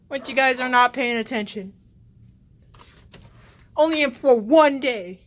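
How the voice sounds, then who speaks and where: A woman hosting a casual vlog, soft-spoken and wandering in her talk, chatting to her pets along the way. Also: a little high, measured pace, long pauses. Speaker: channel host. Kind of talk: rambling casual vlog chat.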